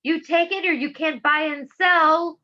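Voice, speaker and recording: A woman's voice: high-pitched, fairly even intonation, unhurried, bright, forceful tone, highs cut off. A middle-aged woman from Georgia with a Southern accent, giving impassioned public testimony in a fervent, preacherly way. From Georgia, USA. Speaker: public speaker.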